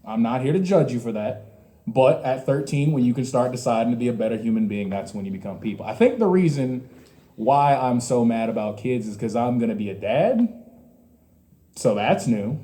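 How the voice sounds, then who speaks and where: A man's voice: mid-range voice, animated, normal speed, mellow. A man in his twenties doing open mic stand-up, with crude, ranting, self-mocking jokes. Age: 20s. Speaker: stand-up comedian. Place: small comedy venue.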